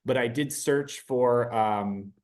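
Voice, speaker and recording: A man leading a live online training, animated and chatty, often asking the audience questions. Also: mid-range voice, slow pace.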